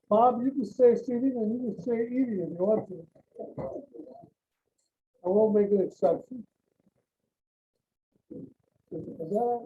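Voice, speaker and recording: A man's voice: sits high, narrow, tinny audio. A man leading songs at a club dinner meeting, joking and rambling in a casual way. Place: dinner meeting room with members present. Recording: echoey room from far off with crowd noise.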